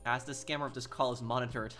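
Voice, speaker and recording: A man's voice: mid-range voice, steady tone, pushed and bright, soft background music. A man live-streaming a game, chatting casually and thanking viewers, often stumbling and restarting his sentences. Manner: chatty, halting, restarts while reading chat.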